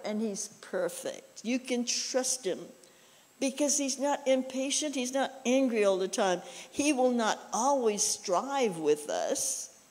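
A woman preacher delivering a relaxed, story-filled sermon in a church. Her voice trails off into a long, echoing reverb. She speaks in an easygoing, folksy way and often drops in "you know.". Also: a little high. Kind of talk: conversational sermon with personal stories.

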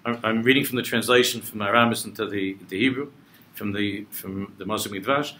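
A man teaching a Torah class in a bright, forceful voice. He reads out Hebrew and Aramaic passages and translates them, and he presses his points with growing intensity. The voice rings through an echoey, roomy space. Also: on the low side, steady tone, a little fast. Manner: explains text line by line, mixing in Hebrew and Aramaic quotations; builds to impassioned emphasis. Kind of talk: Torah lecture to a travel group.

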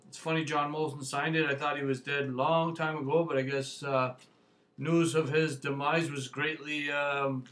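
A man's voice: medium pitch, bright, forceful tone. A man reviewing a beer on his channel, talking casually in a rambling, folksy way, full of fillers and "eh".

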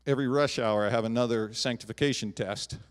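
Brief: middle-aged male pastor, mid-pitched voice, animated sermon delivery with loud peaks and hushed asides. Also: fast talker. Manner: animated preaching, rising loud on emphatic lines, dropping soft on personal asides. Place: church sanctuary.

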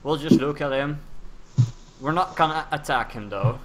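A playful, jokey man talks through a game in English, getting excitable whenever things heat up. His voice sits a little high for a man. Clear background noise runs under the recording. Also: moderate pace. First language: Dutch. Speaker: gamer. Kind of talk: casual gameplay chat.

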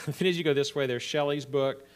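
A male pastor teaches a church history class in a conversational lecture style, often checking in with listeners using "right?" and "okay?". His voice is on the high side, clear and resonant, at a normal speed.

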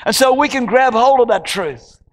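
A man's voice: extremely high pitch, expressive, moderate pace. A man from Australia preaching a sermon as a pastor, emphatic, with repeated phrases and rhetorical questions to the congregation. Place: church hall. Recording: church hall with long reverb.

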